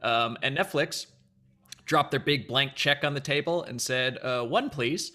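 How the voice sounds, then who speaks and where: Bright-voiced joking male host. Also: mid-range voice, measured pace. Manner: jokey, playful asides. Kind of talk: casual entertainment news chat.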